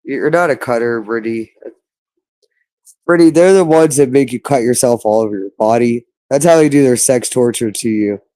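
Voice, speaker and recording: A man's voice: mid-range voice, dark tone. A man delivering a rambling monologue, insistent and repetitive, stretching out words for emphasis.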